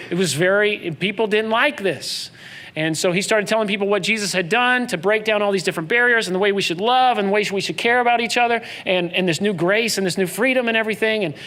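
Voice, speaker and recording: A man's voice: high-pitched, fairly bright tone. A man preaching a sermon in a conversational style, acting out quoted voices as he goes. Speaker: pastor.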